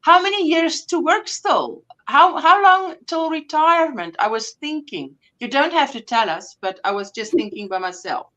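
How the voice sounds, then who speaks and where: A woman's voice: high-pitched, animated, moderate pace, hardly any pauses, bright, forceful tone. A woman from South Africa hosting a casual livestream at home, chatting and greeting viewers by name. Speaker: livestream host. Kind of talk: casual chat reading out viewer comments.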